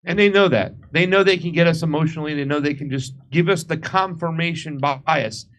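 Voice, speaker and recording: A man as a guest on a political talk show, agreeing and explaining in a steady way. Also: on the high side, fairly quick. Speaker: guest co-host. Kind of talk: political commentary chat.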